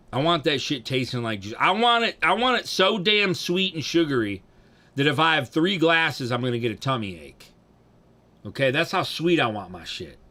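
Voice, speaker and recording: A young man drinking on a livestream, chatting casually with viewers in a profane, rambling way that swings between loud bursts and mumbling. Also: mid-range voice.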